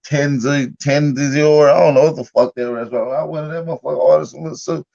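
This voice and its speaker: A man's voice: fairly high pitch, fairly even intonation, quick pace, gravelly, warm tone, lo-fi sound. A man hosting a casual livestream, telling stories in a loose, profane, laughing way. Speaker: livestream host.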